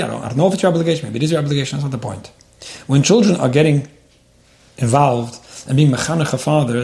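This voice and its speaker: Fast-talking man giving earnest advice. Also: medium pitch, creaky, dark tone. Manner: earnest, repeats words, Yiddish-laced phrasing. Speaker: advice-giving rabbi answering a letter. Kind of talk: advice talk.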